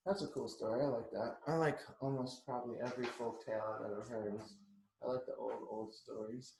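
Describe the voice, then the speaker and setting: A man reading a picture book aloud to children, pausing for chatty asides. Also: mid-range voice, steady tone, creaky, a little mellow, roomy sound, slight background noise. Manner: chatty, adds asides to the kids.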